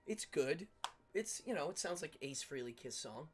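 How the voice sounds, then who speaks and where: A middle-aged man hosting a livestream, telling stories in a casual, animated way with frequent laughter. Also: a little high, moderate pace. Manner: animated, laughs often, acts out quotes. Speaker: livestream host. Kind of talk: casual storytelling chat.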